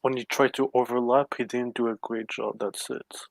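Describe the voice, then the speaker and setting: A man's voice: medium pitch, flat delivery, normal speed, gravelly, no echo. Guy pushing his point hard, middle voice, dry mic, keeps repeating himself. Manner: insistent, argumentative. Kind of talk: casual chat about football.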